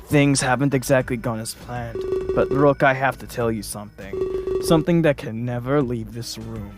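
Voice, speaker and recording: A man voicing a cautious male tour manager, calm and serious, speaking in a measured way over game music. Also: mid-range voice, lightly acted. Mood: grave.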